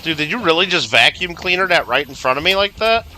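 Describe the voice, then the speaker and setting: A man's voice: a little high, animated, fast, sharp tone, slight background noise. A man streaming a video game, chatting casually, reading viewer comments aloud and swearing now and then. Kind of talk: casual livestream gaming chat.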